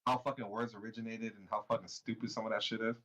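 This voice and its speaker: A young man co-hosting a podcast in relaxed, slangy chat, laughing often and swearing freely. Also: fairly low pitch, quick pace, a crowd in the background, low-quality recording. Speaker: podcast co-host. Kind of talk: casual chat.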